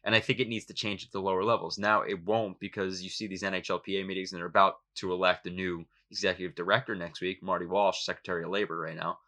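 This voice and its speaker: A man's voice: low-pitched, little pitch movement, fast talker, few pauses, pushed and bright. A man co-hosting a sports podcast, giving opinionated, emphatic casual talk with some swearing. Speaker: podcast co-host.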